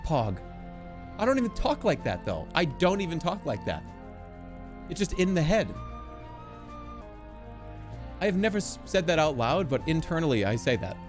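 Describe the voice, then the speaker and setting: Man, 30s, livestreamer riffing with chat, loud bursts then low mutters, animated pitch, a touch high. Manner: animated and jokey, swings between loud outbursts and low mutters. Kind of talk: casual chat with live chat.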